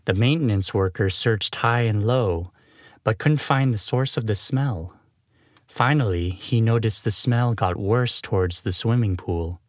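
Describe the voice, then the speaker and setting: A man narrating a short horror story with measured delivery and dramatic pauses. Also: lowish voice, no echo.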